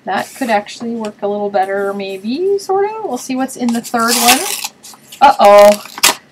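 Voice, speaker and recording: A woman's voice: on the high side, moderate pace, background noise. Chatty woman thinking aloud while crafting. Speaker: host of a card-making web show. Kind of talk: casual live-stream crafting chat.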